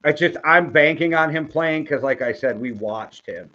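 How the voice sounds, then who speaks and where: A man's voice: on the high side, moderate pace, bright, forceful tone. An older man with a Midwestern accent from Wisconsin, co-hosting a casual sports-betting chat in a loose, profane, joking way. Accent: Midwestern American. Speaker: podcast co-host. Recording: slightly dull, lo-fi audio.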